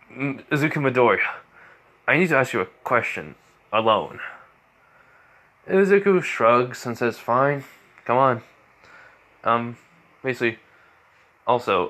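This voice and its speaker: A man's voice: medium pitch, sharp tone. A young man improvising a fan fiction story aloud, rambling with many fillers and restarts.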